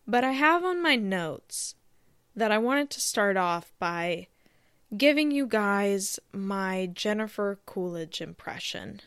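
Hosting a solo podcast, this woman rambles and pokes fun at herself in a casual, chatty way. Her mid-range voice is clear, resonant and fairly bright, with lively intonation and a slow pace. She's recorded dry on a close studio microphone.

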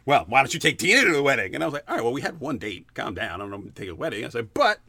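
A podcast co-host tells a story in casual chat, speaking rapid-fire in a gravelly voice on a dry recording. He's animated, acting out quotes with big leaps in pitch.

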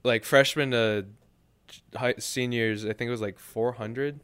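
A man's voice: medium pitch, steady tone, unhurried, fairly bright tone, clean tone. A man in a casual group chat who teases the others with crude jokes.

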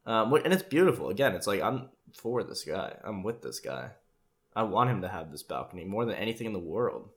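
Brief: male commentator, low voice, loose and sarcastic, casual reaction talk. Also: big pitch swings, fairly quick. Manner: rambling, sarcastic, swears freely.

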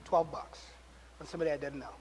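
With a husky, fairly high voice and fast delivery, a pastor tells a sermon story, acting out its characters between jokes and laughter. His words ring with the long reverb of a large hall.

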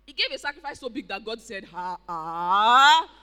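Nigerian-accented preacher, bright and animated, exclamatory delivery, long hall reverb. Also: medium pitch, very fast. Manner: animated, exclamatory, with pidgin interjections. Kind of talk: sermon.

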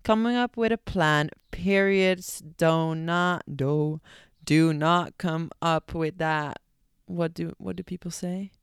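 Young american woman podcasting, low gravelly voice, smooth and dry, blunt and swears a lot. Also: takes it slowly, dry recording. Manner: blunt, chatty, swears freely. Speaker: podcast host. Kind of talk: casual chat.

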